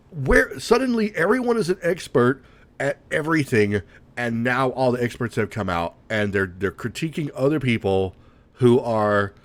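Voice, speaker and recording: A grown man hosting a podcast, ranting with animated exasperation. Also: mid-range voice, moderate pace. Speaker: podcast host. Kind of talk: casual rant.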